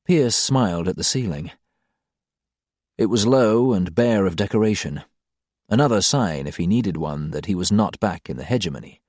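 A man narrating an audiobook in a calm, unhurried reading. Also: deep voice, no room sound, studio quality.

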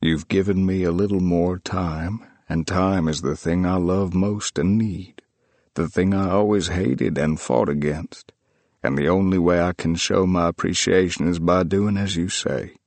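A man voicing a grieving male writer in low, heavy despair. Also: steady tone, unhurried, darkish tone, no echo. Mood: subdued.

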